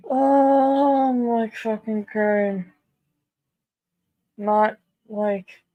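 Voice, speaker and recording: Slow-talking, foul-mouthed young woman streamer. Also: medium pitch, little pitch movement, warm tone, dry recording, low-quality recording. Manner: swears constantly, laughs and exclaims in disbelief. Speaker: live streamer. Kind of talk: casual live-stream chat.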